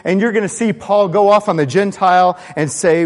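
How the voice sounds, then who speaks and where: Animated preacher, slightly high voice, reverberant church. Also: male voice, normal speed. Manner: animated, acts out voices of people he quotes. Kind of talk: sermon. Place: church sanctuary. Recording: long church-hall reverb.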